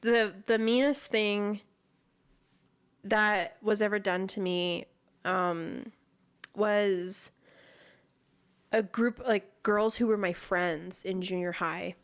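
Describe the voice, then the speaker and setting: A woman's voice: medium pitch, fairly even intonation, slow pace, long pauses, smooth. A young woman co-hosting a casual chat, talking in a loose, filler-heavy way and laughing easily. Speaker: co-host.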